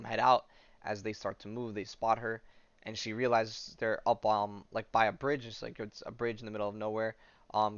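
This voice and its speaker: A man hosts a podcast, walking through a comic story in a loose, meandering way, stopping often on "um" and "like." His voice is smooth and sits at a middling pitch. The sound is dry and slightly dull and lo-fi. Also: fairly bright tone, no echo. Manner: hesitant, full of ums and likes. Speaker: podcast host. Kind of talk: casual comic book recap, reading passages aloud. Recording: dull lo-fi audio.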